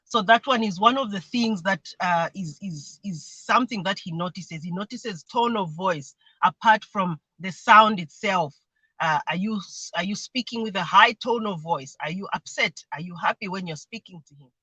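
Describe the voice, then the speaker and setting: Woman, mentee on a video call, bright forceful voice, dry close sound, earnest. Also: mid-range voice, moderate pace, slightly rough, no echo, low-quality recording. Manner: earnest, explanatory, imitates voices when quoting. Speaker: mentee sharing her experience. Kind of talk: livestream conversation.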